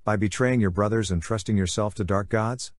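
Man doing a gruff defiant warrior, low voice, short curt lines, dry sound. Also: brisk, no echo, natural voice. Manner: curt, spitting, growling. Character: grim, terse male warrior, defiant captive. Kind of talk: audiobook character voice.

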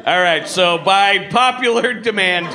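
A man doing live stand-up in a large comedy club, animated and loud, swearing and riffing with the audience. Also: high-pitched, measured pace. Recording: live club with crowd noise.

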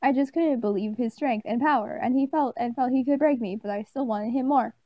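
A woman reading a story aloud in a deadpan way. She stumbles over words and breaks off to swear and make snide asides. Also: fairly high pitch, fairly quick, no echo, highs cut off. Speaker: channel host reading aloud. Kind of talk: mock dramatic reading of a story.

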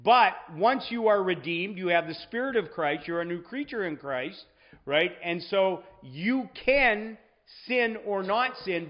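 A man's voice: high-pitched, dull audio. A man teaching a Sunday school class on scripture, conversational, often checking in with the room.

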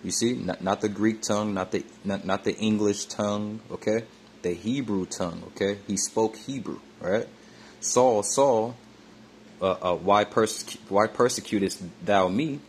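A deep-voiced man preaching and reading scripture aloud, stopping constantly to check in with "all right?", "okay?" and "you see?" between phrases. He stumbles through fillers and restarts as he goes. Faint room noise sits behind him. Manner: halting with many fillers and restarts. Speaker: religious teacher. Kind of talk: scripture teaching monologue.

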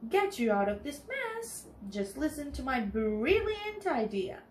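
A woman's voice: sits high, very animated, a little slow, reverberant, a little hiss or hum. A woman reading aloud as a smug prankster mouse. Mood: teasing. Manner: teasing, smug, chattery. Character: boastful prankster mouse cousin, male.

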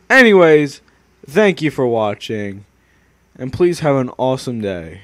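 A young man giving crude, joking commentary while playing a game, swinging from muttered asides to sudden yells. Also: mid-range voice, very animated, measured pace. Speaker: gaming video creator.

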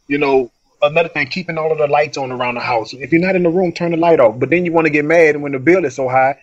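A man co-hosting a podcast in casual chat, speaking in an earnest, emphatic way. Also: fairly high pitch. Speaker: podcast co-host. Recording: dull, dry lo-fi audio.

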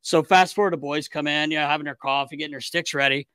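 A man hosting a podcast, telling a locker-room story in an animated, casual way with restarts and swearing. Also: a little high, fast, dry recording, clean studio sound. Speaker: podcast host and former hockey player.

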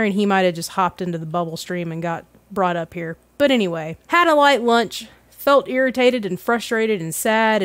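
A woman's voice: a little high, no echo. A woman hosting a gaming let's play, chatting casually and self-deprecatingly as she plays, laughing often. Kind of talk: casual gameplay commentary.

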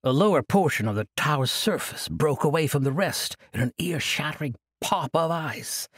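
A man reads a fantasy audiobook in a lively storytelling manner. His voice is slightly high and very breathy, and it moves up and down a lot. The sound is dry and close. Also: moderate pace, no room sound. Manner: expressive storytelling. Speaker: audiobook narrator. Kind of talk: scripted fantasy narration.

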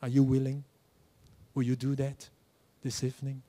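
A man's voice: mid-range voice, completely flat delivery, normal speed, warm tone. A man with a Malaysian English accent preaching a sermon in church, telling stories and acting out mocking voices before a direct challenge. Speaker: pastor.

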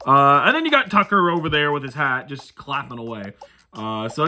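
Young male gamer host, animated and bright, casual self-mocking game commentary. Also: mid-range voice, moderate pace, slight background noise. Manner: goofy, rambling, self-mocking. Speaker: channel creator playing a life sim game.

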